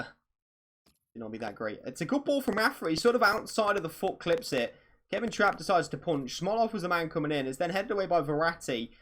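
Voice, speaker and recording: Playing a football video game on stream, this man calls the action commentator-style while chatting to his audience. He gets worked up easily, cursing and erupting into shouts. His pitch leans high.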